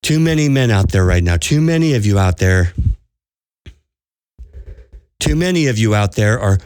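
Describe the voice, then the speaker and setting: A man's voice: fairly low pitch, expressive, moderate pace, a little mellow, smooth, no echo, clean studio sound. A man hosting a podcast as a spiritual coach, preaching to listeners in an earnest, urgent way and repeating phrases for emphasis.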